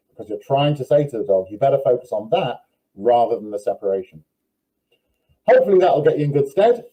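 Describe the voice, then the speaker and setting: A man's voice: medium pitch, warm tone, poor audio. A man working as a dog trainer, giving direct, firm advice in a live question-and-answer session over a video call.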